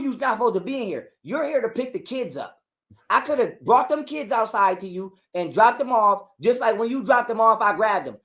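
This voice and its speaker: A man telling a long story in a casual interview, animated and full of cursing and repetition. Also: sits high. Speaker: guest telling his story.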